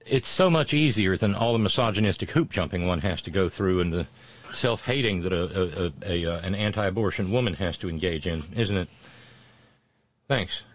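A man's voice: deep voice, moderate pace. A male talk show host reading out listener messages and commenting on them in a conversational way, with many filler sounds and blunt, sardonic remarks.

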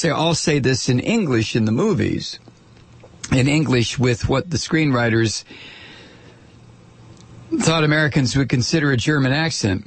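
Sarcastic husky-voiced male talk host. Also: medium pitch, no room sound. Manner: sarcastic, incredulous, rambling with restarts. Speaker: radio talk show host. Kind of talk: opinionated talk radio monologue.

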